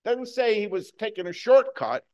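Impassioned high-voiced preacher, muffled recording. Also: male voice, expressive, normal speed. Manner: impassioned, swings between loud bursts and hushed emphasis. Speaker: pastor. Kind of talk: sermon.

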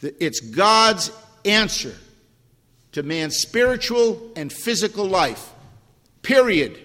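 High-voiced older man preaching in a hall. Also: sing-song, slow pace, sharp tone. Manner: emphatic, repeats key words, asks the congregation questions. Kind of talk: sermon. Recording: long hall reverb.

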